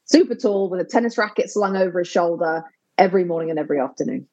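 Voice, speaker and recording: A middle-aged English woman in a casual interview, telling lively, nostalgic stories and laughing often. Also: lowish voice, fast, highs cut off. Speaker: sports broadcaster, guest. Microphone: video call.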